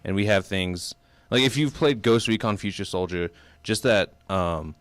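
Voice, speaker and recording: A man's voice: lowish voice, normal speed, clean tone, no echo. A man co-hosting a casual gaming news chat, talking eagerly with lots of "like" and "um". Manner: chatty, enthusiastic, many fillers like "like" and "um". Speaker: co-host of a gaming news show.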